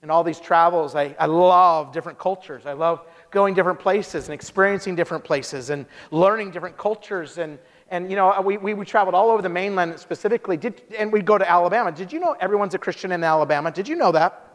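A man preaching a sermon, telling stories with lively acted-out quotes. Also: high-pitched, fast, few pauses. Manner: animated storytelling, acts out quotes in character voices. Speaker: pastor. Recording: long hall reverb.

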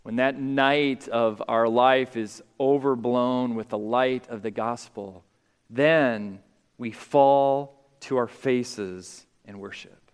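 A man's voice: steady tone, takes it slowly, clear, resonant tone. Preaching man in a reverberant church. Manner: rises to loud, high emphatic peaks, then drops quiet. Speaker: pastor. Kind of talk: sermon. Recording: long hall reverb.

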